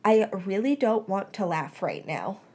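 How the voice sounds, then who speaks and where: A woman's voice: mid-range voice, very animated, a little slow, warm tone. A sulky, tearful teenage witch girl, read by a woman telling a story. She snaps and grumbles in short, cross lines.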